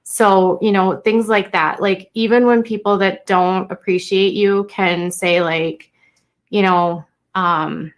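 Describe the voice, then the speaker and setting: A young woman talking unscripted to her live-stream viewers, halting and emotional, with many fillers and restarts. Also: mid-range voice, fairly even intonation.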